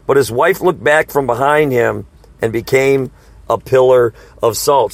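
A man in a relaxed Bible discussion, speaking at an ordinary pitch in a dry, close recording. He tells stories from his street preaching and puts on the voices of the people in them. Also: dry recording. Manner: storytelling, acts out quoted voices.

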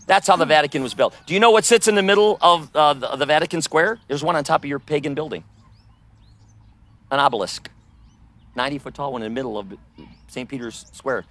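A man preaching on the street, rebuking and arguing with a listener, his voice swinging between loud accusations and low, hushed asides.

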